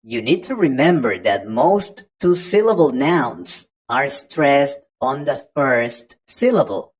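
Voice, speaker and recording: Woman English tutor, very low voice, slow and patient, walks learners through each point. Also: animated, slightly rough, low-quality recording. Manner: patient, explains step by step to the learner. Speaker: English teacher. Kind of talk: online pronunciation lesson.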